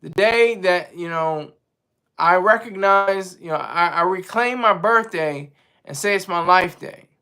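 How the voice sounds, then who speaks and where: A man's voice: high voice, measured pace, sharp tone, clean tone. A man hosting a live stream in a casual, rambling monologue, giving strong opinions and often stopping to search for words as he answers his chat.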